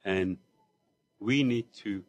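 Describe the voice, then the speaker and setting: A man's voice: lowish voice, slow, highs cut off. A man from Mauritius, preaching a sermon in church in a conversational storytelling way, with asides to the congregation. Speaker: lay preacher.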